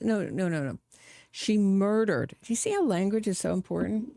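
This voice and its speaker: A sarcastic woman hosting a true crime stream, talking with open scorn. Her voice is gravelly and dark, and she sits close to the mic in a dry, dead room. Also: medium pitch, animated, normal speed, no room sound. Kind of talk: live reaction commentary.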